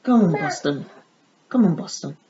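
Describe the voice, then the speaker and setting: A woman vlogs a doll unboxing in a relaxed, chatty manner, now and then switching to sing-song baby talk with her dolls. Her voice is low-pitched and moderately paced. The recording sounds dull and lo-fi, with a constant noise clearly audible behind her.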